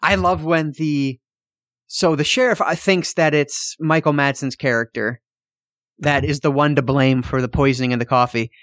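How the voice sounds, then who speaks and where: A man co-hosting a film podcast, talking casually and excitedly, laughing and swearing as he reviews a movie. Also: on the high side, normal speed, no echo. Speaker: podcast co-host.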